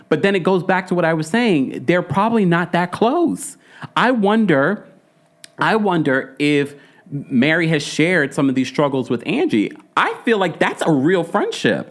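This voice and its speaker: Animated man giving a chatty recap. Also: a little high. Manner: animated, emphatic, mimics the people he discusses. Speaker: podcast host recapping a reality show. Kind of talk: casual opinionated recap commentary.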